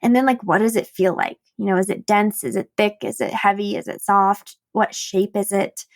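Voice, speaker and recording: Speaking at normal speed with a medium pitch, a woman who hosts a podcast and works as a coach tells a personal story. She's candid and self-mocking, laughs often, and performs the quoted dialogue with animation.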